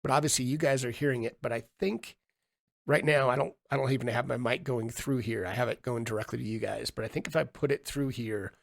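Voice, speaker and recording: Gravelly man demoing audio software. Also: mid-range voice, fairly even intonation, brisk, no room sound, studio quality. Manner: thinking aloud, many fillers and restarts. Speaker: streamer demonstrating audio software. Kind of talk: casual live-stream tutorial. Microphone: USB condenser mic.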